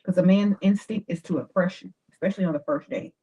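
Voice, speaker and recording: A woman giving dating advice in a chatty, animated livestream talk. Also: lowish voice, quick pace, breathy edge. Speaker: advice host. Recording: dull lo-fi sound.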